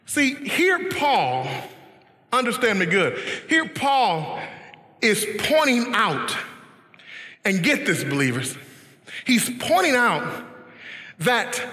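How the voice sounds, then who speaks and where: Man preaching, very high lively voice, slow bright delivery, echoey church hall. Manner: emphatic, rising to shouts, laughing. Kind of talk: sermon.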